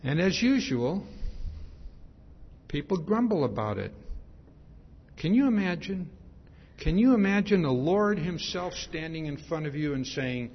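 A man's voice: on the high side, very animated, unhurried, breathy edge, big-room sound, muffled recording. A man preaching a sermon in a conversational way, often checking in with his listeners. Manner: conversational, repeats "see?" often.

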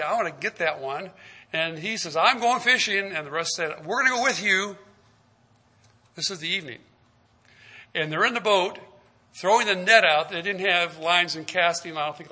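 Bright-voiced man preaching a sermon. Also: high-pitched. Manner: storytelling, acting out the dialogue of the scripture figures; asks the listeners direct questions.

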